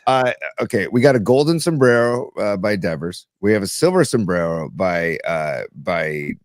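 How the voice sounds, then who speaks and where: A man's voice: low voice, lively intonation, moderate pace, dry recording. A man co-hosting a casual sports podcast, chatty and upbeat. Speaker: podcast co-host.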